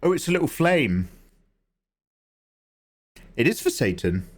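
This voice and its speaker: Animated, joking streamer. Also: male voice, fairly high pitch, a little slow. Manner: joking, chatty. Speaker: livestreaming artist. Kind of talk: casual chat while drawing.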